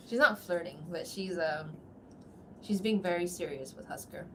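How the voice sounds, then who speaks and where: A woman's voice: on the low side, measured pace, fairly bright tone, a little hiss or hum. A young woman chatting casually on a livestream as a voice actor, laughing often and reacting to the comments. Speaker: voice actor streamer. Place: at home, seated.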